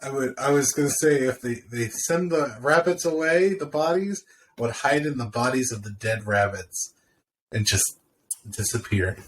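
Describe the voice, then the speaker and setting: A man's voice: medium pitch, moderate pace, slight background noise. A young man co-hosting a casual movie review podcast, joking and teasing his co-host. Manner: teasing, jokey.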